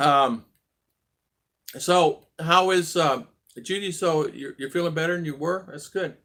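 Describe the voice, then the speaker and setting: Gravelly, rambling male livestream host. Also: on the high side, a bit bright. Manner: rambling, halting, many fillers and restarts; friendly, greets viewers one by one. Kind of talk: casual live chat greeting viewers.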